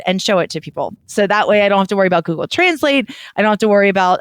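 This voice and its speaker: A woman's voice: medium pitch, rapid-fire, no echo. A young adult woman co-hosting a podcast, talking in a chatty, rambling way with nervous restarts. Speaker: podcast co-host. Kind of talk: casual chat.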